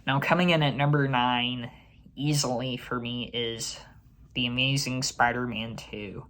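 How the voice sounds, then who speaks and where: On his own movie channel, a man with a medium-pitched, steady, slightly bright voice speaks a little slowly. He gives a chatty, opinionated ranking to camera, full of fillers and restarts.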